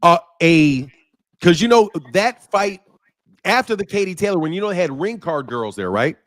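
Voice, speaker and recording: A man's voice: high voice, normal speed, no room sound. A man hosting a casual boxing chat, reading viewer comments and swearing as he talks. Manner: animated, swears, reads viewer super chats. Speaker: boxing channel host.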